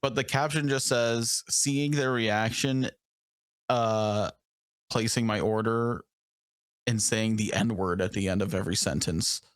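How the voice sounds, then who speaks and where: A man's voice: lowish voice, steady tone, a little slow, clear, resonant tone, no room sound, clean studio sound. A man in a casual podcast chat, dropping wry quips and short reactions. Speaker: podcast co-host or guest.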